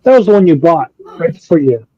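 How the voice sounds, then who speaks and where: A man chatting on a live stream, asking short, curious questions and reacting quickly. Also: a little high, sing-song, husky. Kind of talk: casual chat on a live stream. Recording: dull, dry lo-fi sound.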